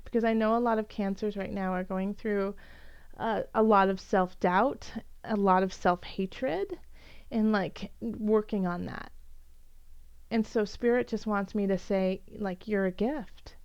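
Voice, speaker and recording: A woman's voice: mid-range voice, a little slow, a little mellow, clean tone, no room sound, muffled recording. A woman giving an earnest, encouraging tarot reading for each zodiac sign, with many fillers and restarts. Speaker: tarot reader.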